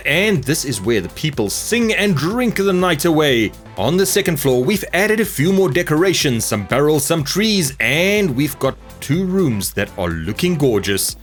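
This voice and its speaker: A man's voice: fairly high pitch, big pitch swings, unhurried, hardly any pauses. A man hosting a gameplay video, giving casual commentary with playful, mock-grand jokes. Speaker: gaming channel host. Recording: faint music behind the voice.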